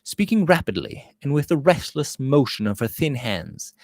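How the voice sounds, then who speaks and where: A man's voice: very animated, moderate pace, no room sound. Guy reading a victorian novel, voice goes all over the place, dry close sound. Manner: voices dialogue with rising pitch and volume. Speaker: audiobook reader.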